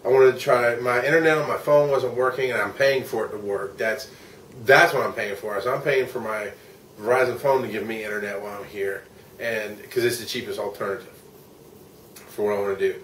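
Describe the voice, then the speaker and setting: A man's voice: fairly low pitch, steady tone, brisk, fairly bright tone, slight background noise. A tired middle-aged man from the United States recounting his day in a candid, rambling travel vlog, swearing when frustrated. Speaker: vlogger and podcaster. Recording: roomy echo, mic at a distance, faint ambience.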